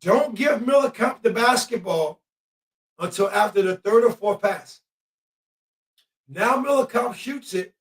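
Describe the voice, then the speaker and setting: A male host giving excitable live commentary while watching a game, often shouting at the refs and players. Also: sits high, a little slow, pauses often. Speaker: podcast host. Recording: echoey room, mic at a distance.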